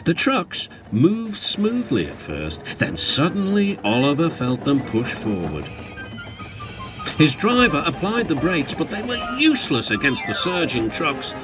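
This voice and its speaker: A man's voice: a little high, measured pace. A man narrating a children's storybook expressively, with music behind him. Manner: expressive, animated. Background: background music.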